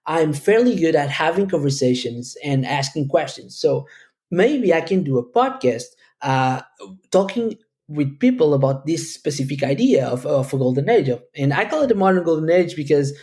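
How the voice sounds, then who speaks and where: A man's voice: a little high, lively intonation, moderate pace, darkish tone. A man from Portugal, answering interview questions at length in a thoughtful, rambling way with frequent restarts. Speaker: guest, educator.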